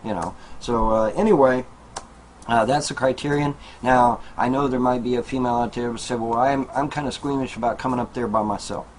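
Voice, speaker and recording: Poor audio with slight background noise captures a man's brisk, steady, mid-range voice. A video blogger in his small trailer home, he delivers a casual monologue to the webcam, repeating himself and filling it with fillers and remarks to his viewers.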